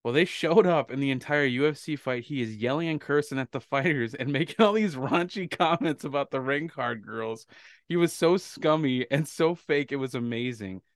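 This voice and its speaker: A man co-hosting a podcast, animated and laughing through his profane chat, his voice at a middle pitch. The sound is dry and close to the mic. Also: moderate pace, no room sound. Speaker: podcast co-host and editor. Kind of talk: casual chat, reading a listener story.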